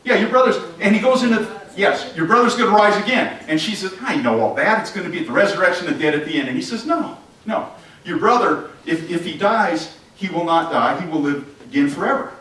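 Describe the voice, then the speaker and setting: Animated man preaching in an echoey church. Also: sits high, brisk. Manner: animated, asks the congregation questions and acts out scenes. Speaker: pastor. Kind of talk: interactive sermon. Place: church sanctuary. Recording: echoey church from a distant mic.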